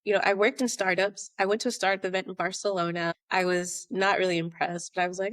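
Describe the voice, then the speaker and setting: An American woman telling her story as a podcast guest, animated and conversational, acting out remembered dialogue. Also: mid-range voice, fast, dry recording, studio quality. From United States. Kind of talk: conversational interview.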